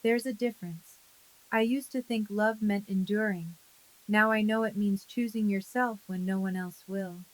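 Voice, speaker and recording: A woman in her thirties narrating a dramatic first-person story in a calm, measured, quietly intense way. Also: medium pitch, poor audio.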